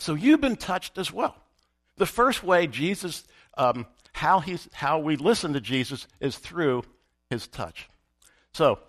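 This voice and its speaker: A man's voice: a little high, a bit bright. A man preaching a sermon as pastor, emphatic and repeating his key phrases for weight.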